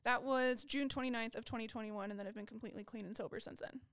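Brief: woman guest, smooth and fairly high voice, lively casual storytelling, dry close mic. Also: fast talker, no room sound. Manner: lively storytelling, frequent "like", acts out her own past lines. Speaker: podcast guest in recovery.

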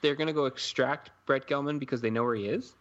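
Brief: man, mid-pitch everyday voice, curious and joking in podcast chat. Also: fast, a bit bright, lo-fi sound. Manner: asks questions, quips. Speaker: podcast co-host. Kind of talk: casual chat.

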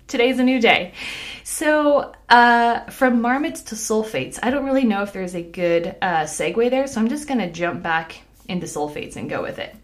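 A woman in her thirties hosting a podcast, telling a story in a casual, animated way, laughing often and saying "like" a lot. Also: mid-range voice. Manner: animated, laughing, heavy use of "like". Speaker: podcast host.

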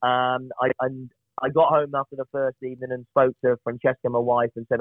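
A man's voice: medium pitch, completely flat delivery, fairly quick, dry recording. Man telling stories over a phone line. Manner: chatty, self-deprecating, lots of restarts. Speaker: guest. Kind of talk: casual storytelling on a podcast. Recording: tinny phone-like line, dry.

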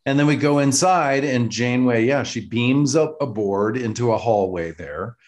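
A man's voice: mid-range voice, moderate pace, a little mellow. A middle-aged man co-hosting a casual rewatch podcast, joking around and acting out moments as he retells them. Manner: playful, acts out scenes and lines in the retelling. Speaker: podcast co-host.

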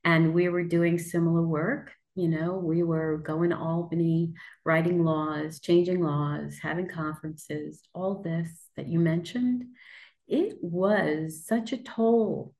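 A woman from New York hosting a podcast interview, speaking in a measured storytelling way. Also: fairly low pitch, fairly even intonation, darkish tone, low-quality recording. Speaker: podcast host. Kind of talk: conversational interview.

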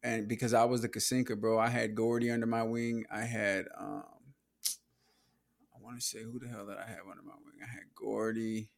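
A man in relaxed podcast chat, reminiscing with drawn-out fillers. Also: fairly low pitch, gravelly. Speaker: podcast guest. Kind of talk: casual chat.

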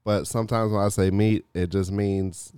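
An exhausted man hosting a podcast, swearing freely in a deadpan, casual chat. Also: on the low side, normal speed, clear, resonant tone, no room sound, studio quality. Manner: profane, deadpan. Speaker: podcast host.

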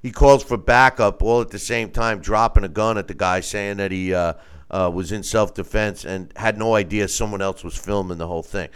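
Man, smooth clear voice, casual call-in chat, rambling, repeats words. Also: lowish voice, fairly even intonation, normal speed.

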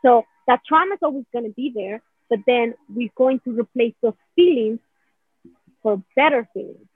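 A woman's voice: fairly high pitch, normal speed, husky, dry recording. A woman explaining a healing technique in casual conversation, rambling, saying "right?" a lot and acting out feelings in quoted asides. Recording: dry, phone-like narrow sound.

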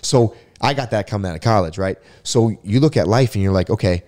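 A man with a fairly low voice talks as an interview guest, looking back on his sports career in a relaxed, conversational way. He is reflective and emphatic and often stumbles over and repeats a word before pushing on. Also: a little fast. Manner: reflective and emphatic, repeats words when restarting. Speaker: podcast guest, former pro football player.

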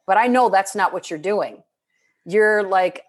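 A middle-aged transformational leadership coach chats in a casual podcast conversation, expressive and animated. Her voice is medium-pitched, she laughs readily, and she frequently restarts her sentences.

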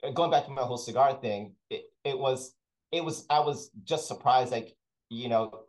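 A man in a relaxed interview, spinning a long personal story in a chatty, rambling way. His voice sits at an ordinary middle pitch, and he doubles back on his words as he goes. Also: moderate pace, poor audio. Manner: chatty, rambling anecdotes with frequent restarts. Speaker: talent sourcer, podcast guest.

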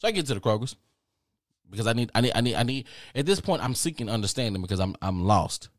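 A man hosting a podcast who tells a comedic personal story in an animated, exasperated way, swearing freely. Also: medium pitch, fast talker, no echo, studio quality. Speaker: podcast host.

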